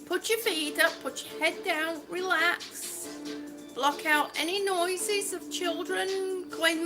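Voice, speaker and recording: Walking and chatting on her livestream, a self-described waffler rambles along and laughs a lot. Her very high voice sounds pushed and bright, and she talks at a slow pace over background music.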